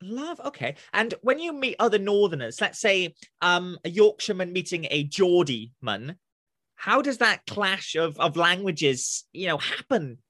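A man from southern England hosting a podcast interview, excitable and quick to laugh. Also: sits high, no echo, clean studio sound. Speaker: podcast host.

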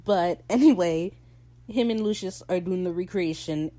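A woman hosting a podcast, recapping a TV episode in casual, opinionated talk and slipping into quick character voices. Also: lowish voice, warm tone, poor audio. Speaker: podcast host.

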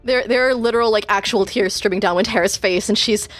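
Expressive woman narrating her character. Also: mid-range voice, fast, soft background music. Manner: animated, expressive storytelling. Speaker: player.

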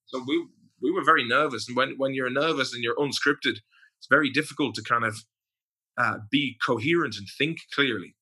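Irish man, guest, very bright voice, chatty storyteller, swears freely. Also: medium pitch, brisk, slightly rough. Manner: storytelling, profane, with acted-out quotes. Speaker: podcast guest. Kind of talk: casual chat.

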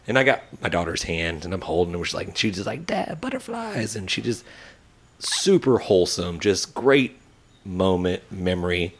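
A man's voice: sits low, normal speed. A man in his thirties telling a story in casual podcast chat, acting out the people in it. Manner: animated storyteller acting out quoted voices. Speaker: podcast co-host.

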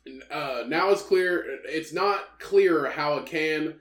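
A man's voice: fairly high pitch, takes it slowly, a bit bright, roomy sound. A man co-hosting a podcast, casually recounting a news story in a laid-back way with lots of fillers. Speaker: podcast co-host.

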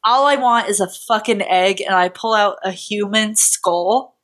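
An American woman hosting a podcast, telling a true-crime story in a profane, sarcastic, animated way. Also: medium pitch, a little slow. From United States. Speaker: podcast host.

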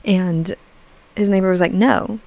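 A woman's voice: on the low side, moderate pace, a little mellow. A young woman hosting a podcast, chatting casually with lots of "like" and "um", light laughs and the odd swear word. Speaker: podcast host.

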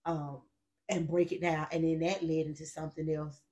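A woman's voice: sits low, little pitch movement, moderate pace, warm tone. Woman recounting a story in faith chat. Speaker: podcast co-host.

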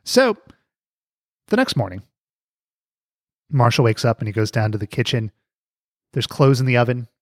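A man co-hosting a podcast, telling the story of an episode in a casual, jokey way. His pitch swings widely as he talks, and he laughs often. The sound is close and dry. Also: sing-song, normal speed, long pauses, no room sound. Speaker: podcast co-host. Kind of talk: casual comedic chat recapping an episode.

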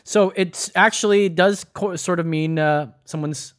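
A man's voice: fairly high pitch, unhurried. A man hosting a quiz game among friends, joking and swearing as he explains answers. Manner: joking, profane, explains at length. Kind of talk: casual podcast chat.

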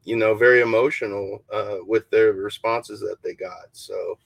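A man hosting a casual podcast chat about paranormal investigations, who talks haltingly with many fillers and restarts. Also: fairly low pitch, fairly even intonation, vocal fry, husky, no room sound, rough recording.

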